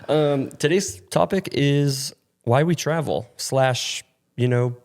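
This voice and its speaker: A man's voice: medium pitch, slow, vocal fry, a little mellow. A young man from upstate New York, co-hosting a podcast in a rented studio. He sounds nasal and congested from allergies and rambles loosely, with lots of fillers and laughs. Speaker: podcast co-host. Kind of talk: casual chat.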